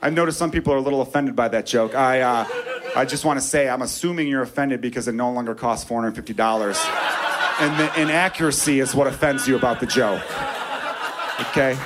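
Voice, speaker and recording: A man's voice: medium pitch, fairly quick, very noisy. A man doing brash, self-mocking stand-up comedy and laughing at his own lines. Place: comedy club. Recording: club with audible crowd.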